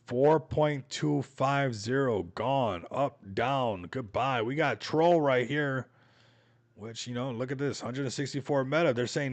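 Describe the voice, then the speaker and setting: A man's voice: medium pitch, a little slow. A man hosting a casual crypto livestream, rambling and hyped, with plenty of slang. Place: Las Vegas home.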